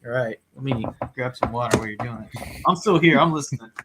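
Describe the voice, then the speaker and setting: A man's voice: medium pitch, steady tone, fast, background noise. A man co-hosting a casual podcast, laid-back and blunt. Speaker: podcast co-host. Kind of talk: casual chat.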